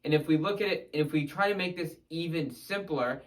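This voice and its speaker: A man teaching guitar, talking through techniques in an energetic, conversational way. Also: a little high, a little fast, hardly any pauses, poor audio. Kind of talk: instructional video narration.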